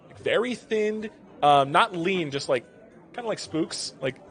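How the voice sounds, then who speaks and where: A man's voice: high voice, expressive, a little slow, over music. A man narrating as game master, describing scenes in a rambling, laughing way with casual swearing.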